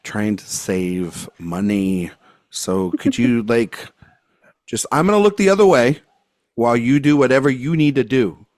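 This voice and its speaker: A man's voice: medium pitch, big pitch swings, a little slow, a little mellow, no echo, clean studio sound. A man hosting a podcast in casual, joking chat, rambling and laughing often. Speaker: podcast host.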